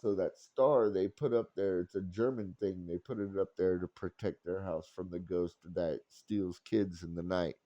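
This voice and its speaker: Casting note: young man, low mellow voice, loose rambling anecdote with swearing. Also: fairly even intonation, normal speed, few pauses, dry recording, lo-fi sound. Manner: rambling, profane, lots of fillers and restarts. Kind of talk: casual storytelling.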